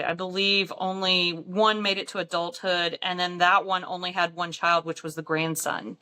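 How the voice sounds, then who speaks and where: A woman's voice: on the low side, fairly even intonation, unhurried, pushed and bright, clean tone. A woman, a paranormal investigator, telling stories in a casual chat with frequent ums and light laughs.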